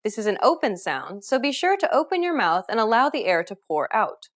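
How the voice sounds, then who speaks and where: A woman teaching a scripted pronunciation lesson, explaining clearly and upbeat, modeling example words. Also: fairly high pitch, very animated, brisk. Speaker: language teacher.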